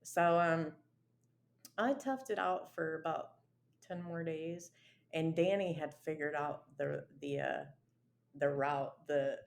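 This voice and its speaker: A woman's voice: deep voice, slow pace, creaky. A woman guest telling her own recovery story in an interview, in a casual, earnest and emotional way, with many fillers and restarts.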